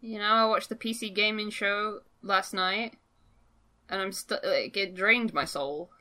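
Woman on a gaming podcast, bright clear voice, teasing and blunt. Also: mid-range voice, measured pace. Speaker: podcast co-host. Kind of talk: casual gaming podcast chat.

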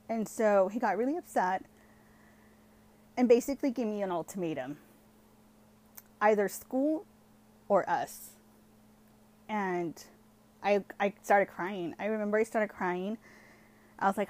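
Her voice is mid-range and darkish, and she keeps a measured pace with frequent pauses. The young woman chats her way through a personal story, leaning on "like" constantly and moving between English and Spanish.

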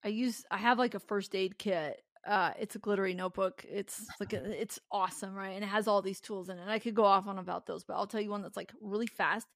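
A woman guest talking in an earnest, animated way, with a gravelly, creaky edge to her voice. Her voice is close and dry, with little room sound. She tells her story candidly and laughs in quick bursts. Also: medium pitch, dry recording. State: tearful. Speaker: podcast guest, company founder. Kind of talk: candid interview conversation.

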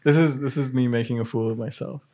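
A man co-hosting a podcast in casual chat, hesitant and giggly with deadpan asides. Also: medium pitch, fast. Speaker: podcast co-host.

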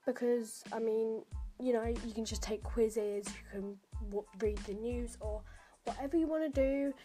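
A woman's voice: fairly high pitch, measured pace, mellow, soft background music. A teenage girl from the United Kingdom, rambling casually as a podcast host while she takes an online quiz. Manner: chatty and rambling, many fillers and asides.

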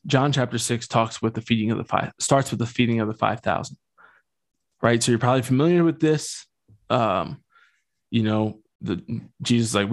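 A man's voice: on the low side, normal speed, long pauses. Slangy young man riffing on scripture. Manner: slangy, joking, loose with fillers. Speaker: podcast host. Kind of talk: casual scripture talk.

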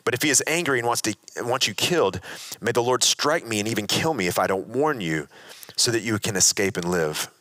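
A man's voice: fairly low pitch, expressive, a little fast, pushed and bright, dry recording. A man teaching a sermon in a conversational way, retelling and reading a scripture passage aloud with frequent restarts.

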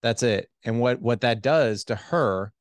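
Giving advice in a podcast interview, this middle-aged relationship coach speaks in an unhurried, mid-range voice with no room sound. He animatedly breaks down communication skills, performing the voices of himself and his wife.

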